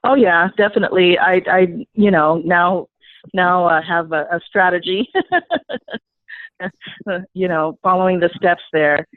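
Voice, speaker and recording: A woman on a coaching call, soft-spoken and hesitant, filling in with many agreeing murmurs. Her voice comes through a tinny, dry phone line. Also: on the low side, steady tone, a little slow, pauses often, no echo.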